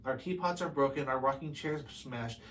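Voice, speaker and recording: A man voicing a tiny, grateful male town mayor while reading a storybook aloud, speaking softly and quietly. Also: medium pitch, moderate pace, a little hiss or hum, natural voice.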